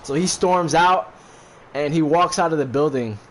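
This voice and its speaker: A streamer recaps a movie while gaming, his slightly high voice moving at a normal speed. He rambles through the plot in casual, slangy, profane speech packed with fillers and asides.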